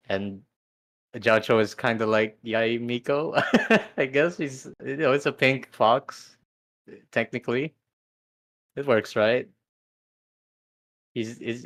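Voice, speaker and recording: A man's voice: medium pitch, unhurried, a bit bright. A young man co-hosting a casual stream, laid-back and joking. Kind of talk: casual livestream chat.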